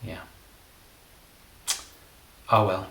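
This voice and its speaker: A middle-aged man from England, a comedy magician, rambling through a deadpan, self-deprecating monologue. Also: drawn-out words, echoey room, slight background noise.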